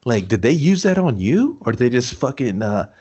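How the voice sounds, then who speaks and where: A man's voice: medium pitch, big pitch swings, moderate pace, darkish tone, slightly rough. A man co-hosting a casual movie review podcast, joking and swearing as he retells scenes in mock quotes. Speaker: podcast co-host.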